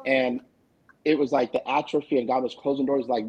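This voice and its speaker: A man's voice: medium pitch, steady tone, a little fast, slightly rough, highs cut off. A man speaking as a guest on a video call, telling a heartfelt personal story. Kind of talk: casual chat.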